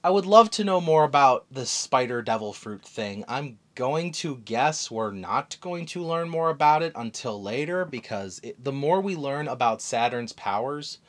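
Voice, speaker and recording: A man chatting through a comic chapter recap with a lively, swinging pitch. He rambles, corrects himself mid-sentence and keeps the tone casual throughout. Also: normal speed, hardly any pauses. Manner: animated, rambling, self-correcting.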